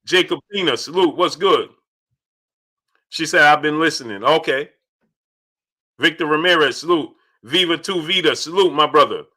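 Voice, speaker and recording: A young man hosting a casual live stream, reading viewer chats aloud and answering them in an animated way that repeats itself. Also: a little high, moderate pace, long pauses. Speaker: livestream host reading super chats. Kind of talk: casual livestream chat.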